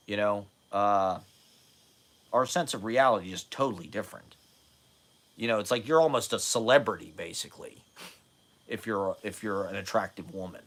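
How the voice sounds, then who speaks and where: A man's voice: mid-range voice, fairly bright tone. A man in his forties from the United States, rambling in a self-deprecating, profane monologue and laughing often, at times drifting away from the mic.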